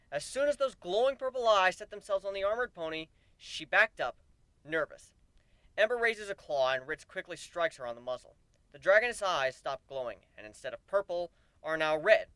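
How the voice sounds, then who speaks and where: A man giving a dramatic first-person reading of a story, swinging from deadpan asides to animated outbursts. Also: fairly high pitch, clear, resonant tone, no room sound. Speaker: narrator.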